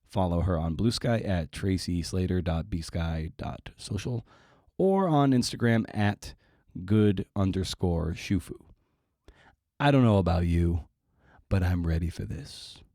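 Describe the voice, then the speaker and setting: A low-voiced man hosting a podcast and riffing through the intro with salty, sardonic asides. His voice sits close and dry on the mic, with no room around it. He talks loosely and bluntly. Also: expressive, a little slow, mellow, no room sound. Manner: irreverent and profane, with wry asides. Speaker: podcast host. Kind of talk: casual monologue introducing a guest.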